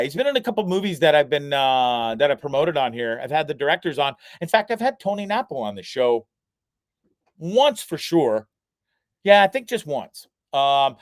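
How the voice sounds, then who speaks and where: A man hosting a live show, telling a story in a casual, animated way, swearing, laughing at himself and acting out other people's voices. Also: on the high side, no room sound, studio quality.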